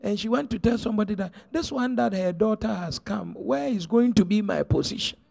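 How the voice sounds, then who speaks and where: Animated pastor preaching. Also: male voice, sits high, fairly quick, creaky. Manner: preaching with testimony, swinging from hushed to shouted. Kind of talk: sermon.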